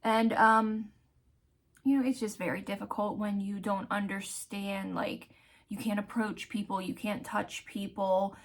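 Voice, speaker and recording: A woman vlogger telling a personal story in a candid, heartfelt way, often pausing to search for words. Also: mid-range voice, level tone. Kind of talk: casual storytelling vlog.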